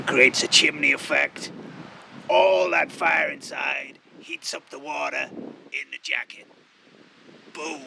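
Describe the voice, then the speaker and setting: A man voicing a grizzled old male wilderness wanderer, presenting bushcraft gear outdoors in a folksy, gravelly drawl. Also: a little high, noisy background, full character voice. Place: outdoors by a campfire.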